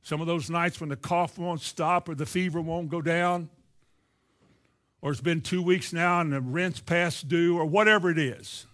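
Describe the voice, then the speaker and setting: A man's voice: a little high, fairly even intonation, moderate pace, fairly bright tone. A man with a Kentucky accent preaching a sermon in a folksy, earnest way, acting out the voices he quotes.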